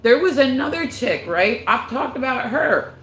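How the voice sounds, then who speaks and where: A woman's voice: high-pitched, animated, normal speed, a bit bright, reverberant, slight background noise, low-quality recording. A woman chatting casually on her livestream, rambling with constant filler words and frequent swearing.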